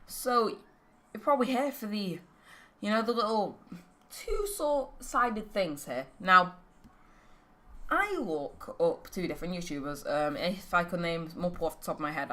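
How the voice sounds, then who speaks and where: A woman's voice: low voice, a bit bright. A teenage girl giving a rambling, casual channel update, full of ums, restarts and offhand swearing. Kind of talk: rambling casual vlog talk.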